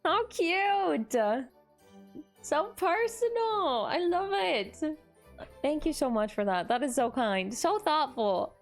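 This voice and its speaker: A woman streamer chatting casually on a live stream, gushing and excitable, often gasping in delight. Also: high voice, takes it slowly, soft background music. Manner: gushing and excitable, frequent gasps.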